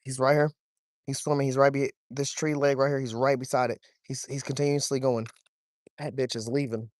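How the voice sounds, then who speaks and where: A young man, talking to his chat while wading and fishing, swearing freely and getting excited over a fish. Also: mid-range voice, fairly quick, no echo, studio quality. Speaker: fishing vlogger. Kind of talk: casual vlog narration while wading. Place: outdoors, wading in a shallow creek.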